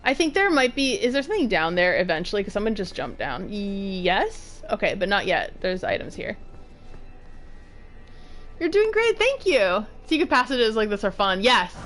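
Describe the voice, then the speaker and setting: A woman's voice: medium pitch, big pitch swings, a little fast, few pauses, fairly bright tone. A woman streaming a game, chatting casually and rambling, with jumpy nervous exclamations. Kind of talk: casual gameplay commentary.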